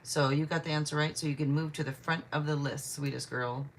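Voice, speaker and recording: A woman's voice: sits low, fairly even intonation, a little fast, slight background noise. A woman hosting a tarot livestream, chatting casually, greeting viewers by name and apologizing often. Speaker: tarot reader and livestream host. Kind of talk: casual livestream chat reading viewer questions.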